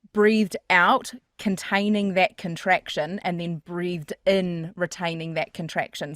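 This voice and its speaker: A woman's voice: medium pitch, dry recording, clean studio sound. Enthusiastic woman coaching voices. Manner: enthusiastic, swears, explains anatomy. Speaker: podcast host, voice coach. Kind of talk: casual chat with vocal coaching.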